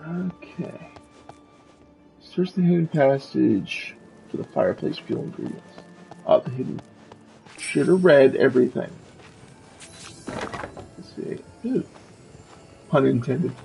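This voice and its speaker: A man's voice: medium pitch, slow, pauses often, faint music behind, low-quality recording. A man streaming a video game, chatting casually and self-deprecatingly while he plays. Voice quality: gravelly, raspy. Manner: relaxed, self-deprecating, thinking aloud.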